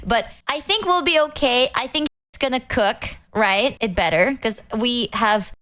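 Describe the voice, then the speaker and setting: A woman's voice: a little high, unhurried, sharp tone, clean tone. A woman VTuber chatting casually to her stream, rambling and swearing freely. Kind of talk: casual live-stream chat.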